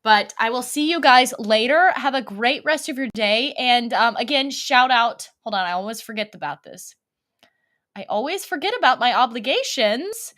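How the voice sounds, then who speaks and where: A woman's voice: on the high side, expressive, moderate pace, fairly bright tone. A woman hosting a livestream, talking in a blunt, profane, rambling way as she tells stories casually to her viewers. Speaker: livestream host.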